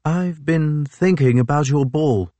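A man's voice: a little high, a little slow, dark tone, dry recording, pitched above the performer's own voice, natural voice. A man voicing a nervous, earnest naval captain with a slight lisp, speaking eagerly and a bit hurriedly in an audiobook. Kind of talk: audiobook character voice.

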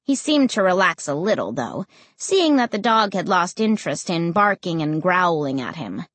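A woman narrating a children's story as an audiobook reader, with an expressive, lively delivery. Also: on the low side, moderate pace, no echo.

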